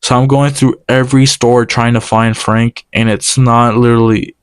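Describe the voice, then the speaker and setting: Young man, casual storyteller, clear smooth voice, dry close sound, acts out the dialogue. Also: mid-range voice, dry recording. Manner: animated, quoting others in quick exchanges.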